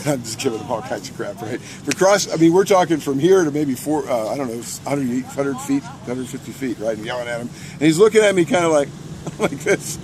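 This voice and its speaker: A man of medium pitch tells his story in an excitable, animated way, tripping over his words and breaking into laughs. He is recorded outdoors with a faint hum of noise behind him. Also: a little fast. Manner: excitable, restarts and repeats words, laughs mid-sentence. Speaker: militia member recounting a protest. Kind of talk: animated first-person storytelling.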